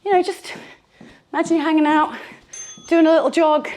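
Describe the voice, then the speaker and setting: A woman's voice: sits high, steady tone, fairly quick, a little mellow. A woman leading a bodyweight workout as a fitness instructor, chatty and encouraging, a little out of breath, speaking into a clip-on mic. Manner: chatty, encouraging, jokey coaching. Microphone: clip-on microphone on her t-shirt.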